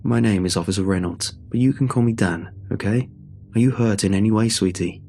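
A man voicing a police officer who coaxes a lost child in a soft, soothing voice. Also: lowish voice, brisk, a little hiss or hum, lightly acted. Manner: soft, coaxing.

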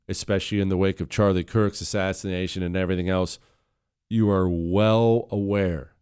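A man hosting a political talk radio show, combative and sarcastic, rising to loud emphatic stretches. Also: lowish voice, smooth. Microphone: studio microphone.

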